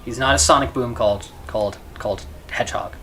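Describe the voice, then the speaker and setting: A man's voice: mid-range voice, brisk, bright, forceful tone, a little hiss or hum. A man chatting casually to viewers on a live stream, rambling and stammering with lots of repeated words. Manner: chats with viewers between game moments.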